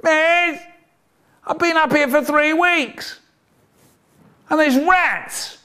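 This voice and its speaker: A man putting on the voice of a whiny young schoolchild who begs the teacher in a drawn-out whine. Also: very high voice, sharp tone, pitched above the performer's own voice, heavily acted. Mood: pleading.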